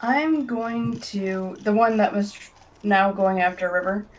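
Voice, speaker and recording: A woman playing a tabletop game, declaring her actions slowly and deliberately. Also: mid-range voice, rough recording. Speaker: player. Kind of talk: casual tabletop game talk.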